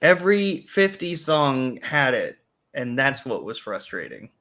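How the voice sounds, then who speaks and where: A man's voice: medium pitch, very animated, unhurried, sharp tone. A young man hosting a casual chat show, rambling, swearing and laughing as he talks. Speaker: host.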